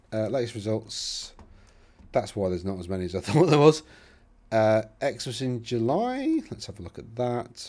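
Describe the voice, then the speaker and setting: A man's voice: mid-range voice, a little mellow. A man hosting a casual commentary, rambling and thinking aloud with self-deprecating asides as he browses results. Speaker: host.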